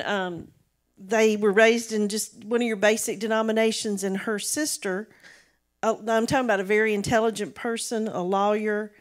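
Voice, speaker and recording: A woman church member telling a story to the congregation, hesitant, with many fillers and restarts. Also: mid-range voice. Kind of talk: casual testimony.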